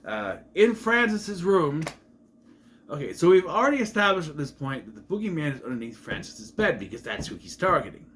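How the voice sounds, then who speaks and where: A man's voice: on the high side, big pitch swings, brisk, a bit bright, slight background noise. A man casually recapping a movie, rambling and trailing off into asides. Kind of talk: casual film recap commentary.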